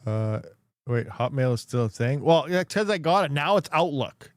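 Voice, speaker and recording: A man hosting a relaxed livestream, talking at a middle pitch. He rambles, thinks out loud and laughs often. His voice sounds dry and close to the mic. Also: normal speed, no echo. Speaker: crypto mining livestream host. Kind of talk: casual livestream chat.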